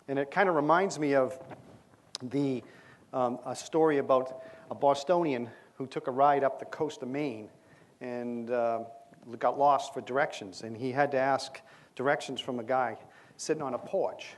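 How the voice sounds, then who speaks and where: A man's voice: medium pitch, moderate pace. A man giving a conference presentation on stage, talking conversationally with plenty of fillers and a light touch of humor. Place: stage under bright lights.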